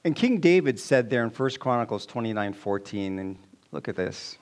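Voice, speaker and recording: A man's voice: fairly low pitch, lively intonation, moderate pace, a little mellow. A man preaching a sermon to his congregation, emphatic and repeating key lines for weight. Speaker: pastor.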